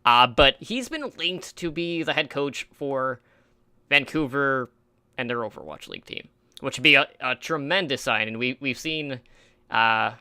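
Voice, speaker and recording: A man's voice: mid-range voice, expressive, measured pace, pushed and bright, smooth, no echo, studio quality. A man hosting an esports talk show in a casual, rambling way, with lots of fillers, and he stumbles over player names. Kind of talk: casual esports podcast chat.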